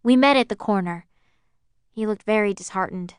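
A woman reading a first-person story aloud as an audiobook narrator, in an even, measured way. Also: medium pitch, clear, resonant tone, dry recording, clean studio sound.

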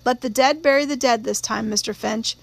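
A woman's voice: fairly high pitch, fairly quick, creaky. A woman voicing a blunt, stubborn male small-town sheriff in his forties who talks in a plain-spoken drawl. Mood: earnest.

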